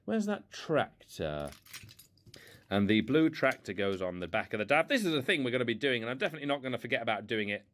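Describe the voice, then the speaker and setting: A man's voice: medium pitch, big pitch swings, fast talker, a bit bright. A man casually rambling through an unboxing of old toy cars at home, self-mocking and playful. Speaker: toy car collector unboxing. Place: indoors at home.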